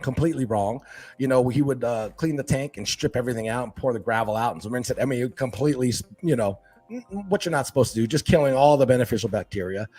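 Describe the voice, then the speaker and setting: Husky man telling animated stories. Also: medium pitch, fast, soft background music. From Hawaii. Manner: animated, acts out family quotes. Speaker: podcast guest. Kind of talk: casual storytelling chat.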